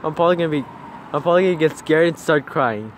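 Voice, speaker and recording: A man vlogs outdoors near a street, his voice rising and falling in a bouncy, animated way. He slips into playful baby talk to a dog and keeps the chat loose and casual. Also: on the high side, fast talker, slight background noise. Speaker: vlogger.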